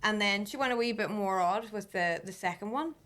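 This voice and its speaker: A woman with a Northern Irish accent in a casual podcast chat, lively and quick to laugh. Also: medium pitch. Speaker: podcast co-host.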